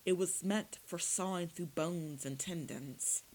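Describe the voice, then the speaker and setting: A woman reading a dark fantasy story aloud in steady audiobook narration. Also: fairly low pitch, measured pace, slight background noise, rough recording.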